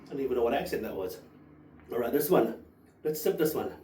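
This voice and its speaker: A man's voice: mid-range voice, animated, quick pace, warm tone, far from the mic. Sweary man reviewing whisky in an echoey room. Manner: sweary, rambling, enthusiastic tasting notes. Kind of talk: casual tasting vlog.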